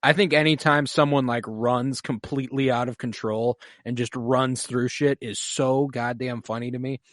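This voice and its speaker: A man's voice: medium pitch, moderate pace, no room sound, studio quality. A man co-hosting a podcast, recapping a TV episode in casual chat and swearing often as he acts out scenes. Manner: animated, swears a lot, acts out scenes emotionally. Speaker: podcast co-host.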